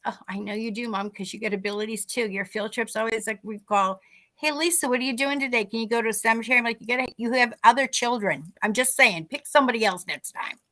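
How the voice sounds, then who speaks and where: A woman co-hosting a podcast, telling a story in a lively, chatty way and acting out the dialogue. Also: a little high, quick pace. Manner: animated, acts out quoted dialogue. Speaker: podcast co-host. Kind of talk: casual storytelling.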